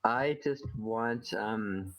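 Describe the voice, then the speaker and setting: A man from Canada co-hosting a casual live chat, animated and laughing, with frequent swearing. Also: fairly low pitch, very slow, low-quality recording. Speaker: co-host.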